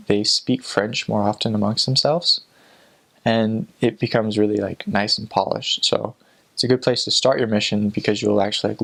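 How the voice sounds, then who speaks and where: A young man who is a returned missionary casually tells amused stories in a fairly low voice with vocal fry. He's relaxed and chatty, using lots of fillers.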